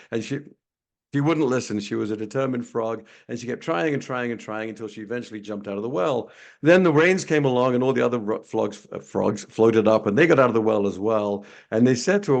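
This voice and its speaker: A man with a gravelly, creaky voice talks through a sales webinar on a video call. He tells stories casually and stumbles over repeated words as he goes. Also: mid-range voice, lively intonation, fairly quick, a little mellow. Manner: storytelling, repeats words when restarting. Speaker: webinar host, sales trainer.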